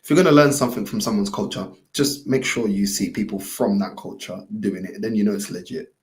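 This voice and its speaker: A man's voice: fairly low pitch, a little fast, a little mellow, slight background noise. A man, ranting on a live stream in emphatic, repetitive street slang. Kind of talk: heated IRL stream rant.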